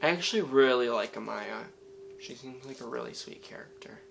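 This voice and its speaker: A man hosting a reaction video, talking back to the screen in excitable, casual commentary. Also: mid-range voice, fairly quick, vocal fry, slight background noise, poor audio.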